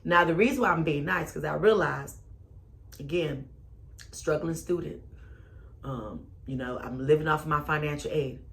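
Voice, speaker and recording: A woman telling a story, sassy and expressive, rising to loud exclamations and then dropping low. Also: normal speed, vocal fry, long pauses. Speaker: storyteller vlogger. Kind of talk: animated personal storytelling.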